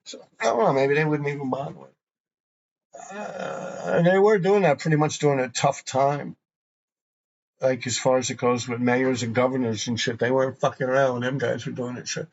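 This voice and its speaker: A gravelly, husky man rambles through old stories, swearing freely as he goes. His voice sits a bit high for a man, and it comes through a dull lo-fi recording. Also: steady tone, normal speed. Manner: rambling, profane, laughing often. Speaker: graffiti show host. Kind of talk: casual storytelling.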